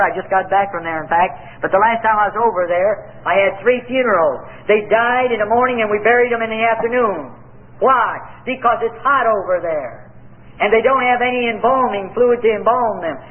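A man's voice: sits high, fairly quick. An American man preaching a sermon, earnest and emphatic, mixing scripture with personal stories. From United States. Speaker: pastor. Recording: tinny phone-like lo-fi audio.

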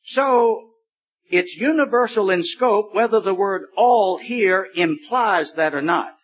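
A man preaching a sermon, slow and deliberate, stretching words for emphasis. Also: high-pitched, slightly rough. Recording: dull lo-fi recording.

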